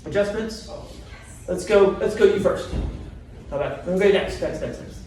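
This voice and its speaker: High-voiced male chiropractor in an echoey room. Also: a little mellow. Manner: quizzes the audience with quick questions. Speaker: chiropractor teaching a seminar. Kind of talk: live seminar talk to a group. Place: seminar room. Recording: very echoey room, from far off, faint noise.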